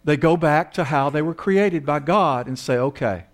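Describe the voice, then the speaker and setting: At normal speed and a little high in pitch, an older counselor shares funny stories that poke fun at himself. He voices the characters as he goes.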